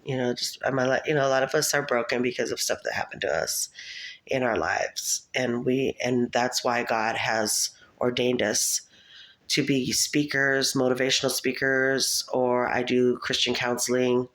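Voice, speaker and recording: A woman's voice: extremely low pitch, fairly even intonation, normal speed, a bit bright. A woman talking to the camera in a casual, rambling monologue, chatty and laughing often. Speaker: vlogger.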